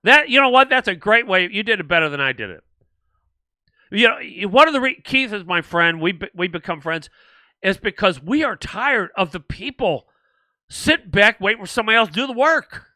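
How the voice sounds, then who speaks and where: Older man, high sharp voice, dry close mic, rambling livestream rant. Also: lively intonation, moderate pace, no room sound. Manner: rambling, indignant, restarts often. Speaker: livestream host. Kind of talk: political livestream talk reading viewer comments.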